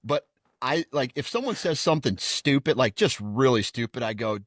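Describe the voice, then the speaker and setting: A man's voice: mid-range voice, moderate pace, dry recording, clean studio sound. A middle-aged man co-hosting a podcast, ranting about kids in casual chat, swearing freely and acting out quotes. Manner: animated, swears freely, rants with put-on quotes. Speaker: podcast co-host.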